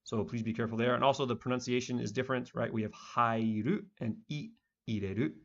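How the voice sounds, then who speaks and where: A man teaching a beginner language lesson online in a relaxed, conversational way with lots of fillers. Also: medium pitch, quick pace, lo-fi sound.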